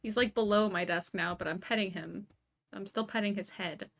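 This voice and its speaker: A woman's voice: medium pitch, fairly even intonation, normal speed, creaky, a bit bright. A young woman streaming, chatting casually and laughing a lot while fussing over her cat. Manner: chatty, giggly, distracted, talking to her cat. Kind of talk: casual livestream chat.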